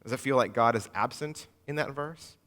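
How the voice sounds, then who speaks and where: A man preaching to his congregation, relaxed and joking, slipping into quick acted-out exchanges. His voice is bright and forceful at a middling pitch. The church hall around him rings with a long reverb. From moved to Texas from elsewhere. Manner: humorous, conversational preaching with acted-out asides. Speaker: pastor. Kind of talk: sermon. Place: church sanctuary.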